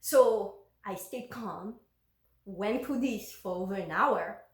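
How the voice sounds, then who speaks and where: A woman's voice: medium pitch, takes it slowly, roomy sound. A woman vlogger candidly recounting her own life story, frank and emotional, swearing openly.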